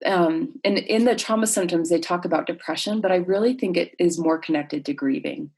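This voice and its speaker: Gravelly-voiced woman counselor, thoughtful. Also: fairly low pitch, fairly quick. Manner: warm, thoughtful, lots of fillers and restarts. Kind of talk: conversational explanation in an interview.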